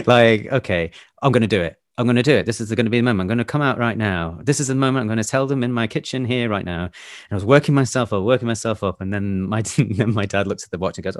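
Lively male storyteller, low voice. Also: quick pace, no room sound, clean studio sound. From United Kingdom. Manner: animated, laughs often, acts out family dialogue. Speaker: actor and A&E doctor, guest. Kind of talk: candid conversational storytelling.

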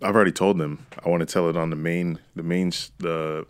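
A young man co-hosting a podcast, talking in loud, crude, rambling banter. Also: low voice, little pitch movement, brisk, clear, resonant tone, dry recording, clean studio sound. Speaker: podcast co-host. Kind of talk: casual chat.

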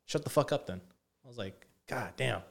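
A man's voice: medium pitch, lively intonation, moderate pace, creaky. A young man co-hosting a podcast, telling stories in a rambling, profane, casual chat. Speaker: podcast co-host.

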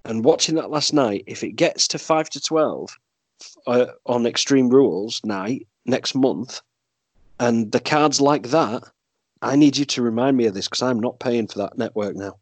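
A chatty Yorkshire man talks in loose, rambling stories, dropping swear words and laughing along the way. His voice sits at an ordinary middle pitch for a man. The sound is close and dry, with no room around it. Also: a little slow, no echo. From Yorkshire, England. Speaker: podcast guest and movie podcast host. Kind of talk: casual podcast chat.

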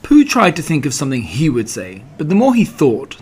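A man reads a children's story aloud with an expressive, animated delivery. His voice sits in a middle pitch but moves around a great deal, rising and falling as he tells the story. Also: brisk, hardly any pauses, slightly rough.

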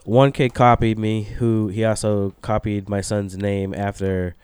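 A drunk man guesting on a podcast, his smooth, fairly low voice recorded dry and close. He tells rambling stories, swearing and restarting as he goes. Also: flat delivery, darkish tone, dry recording. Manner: storytelling, swearing, halting. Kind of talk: casual podcast chat.

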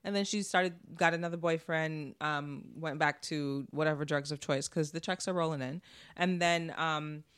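Animated New York podcast co-host, slangy. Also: mid-range voice, normal speed, smooth. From Brooklyn, New York. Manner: animated storytelling, slangy and profane, laughs often. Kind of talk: casual podcast chat.

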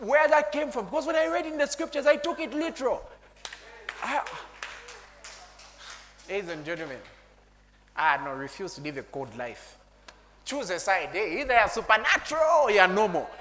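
A man preaching a sermon, animated, laughing often and breaking into shouts and tongues. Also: high-pitched, moderate pace, pauses often, a little hiss or hum. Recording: long hall reverb.

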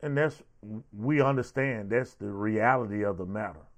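A man's voice: on the low side, normal speed. A man hosting a show, giving heated, sarcastic political commentary with a lot of repetition. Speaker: show host.

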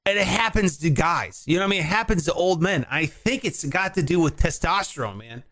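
Animated, high-voiced man ranting. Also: a little fast. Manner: animated, profane, mocking impressions. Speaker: podcast co-host. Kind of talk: casual chat.

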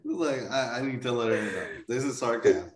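A woman's voice: extremely low pitch, normal speed, roomy sound. A woman co-hosting a podcast, joking and laughing through casual chat. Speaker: podcast co-host.

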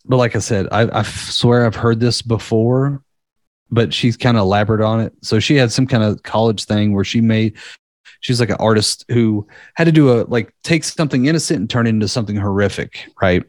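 A man co-hosting a podcast, rambling casually and swearing as he tells a dark story. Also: fairly low pitch, a little fast, dry recording, studio quality. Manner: rambling, profane, laughing at dark material. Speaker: podcast co-host.

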